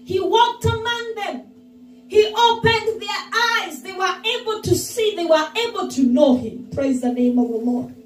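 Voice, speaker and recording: A woman pastor preaching a sermon, slow and emphatic, building on repeated phrases. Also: very high-pitched, expressive, roomy sound, far from the mic, soft background music, rough recording.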